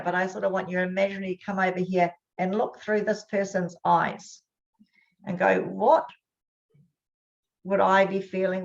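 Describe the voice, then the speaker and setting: A woman hosting a webinar as a hypnosis trainer, talking in an upbeat, chatty way. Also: on the low side. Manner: upbeat, chatty, quick bursts. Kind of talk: casual webinar talk. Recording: dull lo-fi webinar audio.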